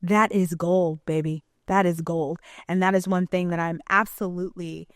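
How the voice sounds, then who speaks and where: A woman's voice: fairly low pitch, steady tone, normal speed, no room sound, studio quality. A woman talking in a casual vlog monologue, chatty, colloquial and emphatic. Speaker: vlogger.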